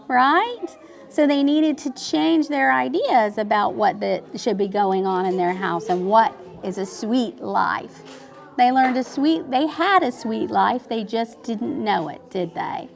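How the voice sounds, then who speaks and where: Woman, first grade teacher, unhurried, sounds out letters with care and coaxes the class. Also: a little high, expressive. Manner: sounds out letters slowly and clearly, coaxing. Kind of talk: classroom teaching and interview commentary. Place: elementary classroom.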